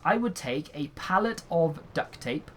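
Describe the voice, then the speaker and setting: A man's voice: fairly high pitch, animated, unhurried, a bit bright. A young man chatting casually while he plays a game and answers viewer questions, rambling and sarcastic, often yawning. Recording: faint background noise.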